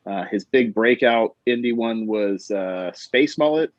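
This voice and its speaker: Man, casual podcast co-host, eager and laughing, slightly low, dull dry mic. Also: measured pace, no room sound. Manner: excitable, laughs easily, lots of fillers. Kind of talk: casual chat.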